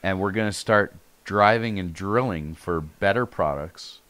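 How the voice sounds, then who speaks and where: Deep smooth-voiced blunt man. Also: measured pace, fairly bright tone, dry recording. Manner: blunt, opinionated, swears freely. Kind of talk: casual chat.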